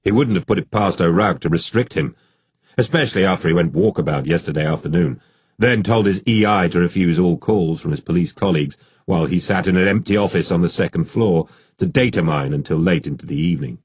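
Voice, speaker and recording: Man narrating an audiobook, deep husky voice, steady pace, dry close mic. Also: no echo. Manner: measured, steady storytelling.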